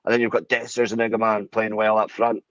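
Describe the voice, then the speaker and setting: A man's voice: on the low side, flat delivery, fast talker, a bit bright, no echo, muffled recording. A man co-hosting a podcast, arguing his point with frustration. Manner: frustrated, argumentative. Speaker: podcast co-host. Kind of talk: casual chat.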